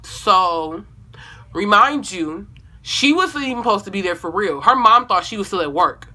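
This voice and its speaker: A woman's voice: mid-range voice, animated, normal speed, sharp tone. A young woman telling a storytime video at home in a casual, rambling way, correcting herself and swearing freely. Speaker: vlogger.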